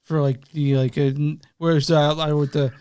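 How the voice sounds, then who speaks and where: A man's voice: on the high side, flat delivery, normal speed, a little mellow, smooth. A man co-hosting a podcast, rambling with lots of fillers, laughing easily and swearing casually. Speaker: podcast co-host and editor.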